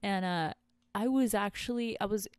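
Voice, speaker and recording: Smooth-voiced woman telling frank stories. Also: medium pitch, moderate pace, no echo, clean studio sound. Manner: frank, profane storytelling with frequent laughs. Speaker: podcast co-host. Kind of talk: casual podcast chat.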